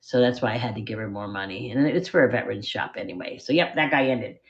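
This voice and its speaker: A woman's voice: rumbling low, quick pace. Middle-aged woman, rambling self-deprecating seller chat, home room, slightly muffled sound. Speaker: online jewelry seller. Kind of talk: live-stream auction chat. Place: spare bedroom at home.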